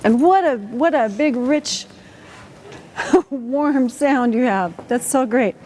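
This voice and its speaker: A woman coaching a student orchestra in a school auditorium, lively and encouraging, asking the players lots of questions. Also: sits high, slow, slight background noise. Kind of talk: rehearsal coaching.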